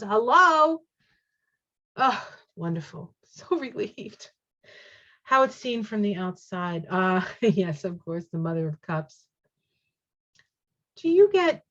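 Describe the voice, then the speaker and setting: A woman giving a casual tarot reading, chatty and excitable, reacting aloud to each card as she turns it. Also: fairly low pitch. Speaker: tarot reader. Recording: dull lo-fi sound.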